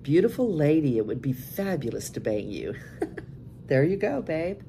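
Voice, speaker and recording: A woman's voice: low voice, very animated, moderate pace, vocal fry, warm tone, a little hiss or hum. A middle-aged woman hosting a live-stream podcast, chatting frankly and laughing often as she answers viewers. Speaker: cam show podcast host. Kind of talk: casual live-stream chat reading viewer messages.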